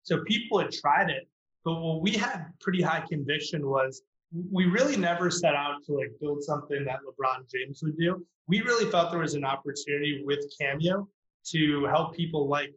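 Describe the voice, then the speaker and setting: A man, a startup founder, telling a story on a podcast with lively acted-out quotes. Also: on the high side, moderate pace. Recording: roomy, dull lo-fi sound.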